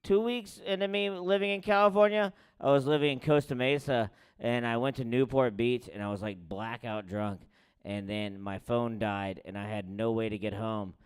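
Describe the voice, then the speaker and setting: A young man doing loose stand-up, telling crude, rambling, self-mocking stories that swing from loud to quiet. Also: medium pitch, normal speed, clear, resonant tone. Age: young adult. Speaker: stand-up comic.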